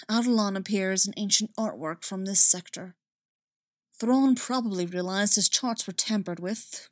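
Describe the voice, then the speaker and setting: A woman's voice: mid-range voice, no room sound, studio quality, lightly acted. A woman voicing a tired, remorseful male imperial spy who speaks apologetically.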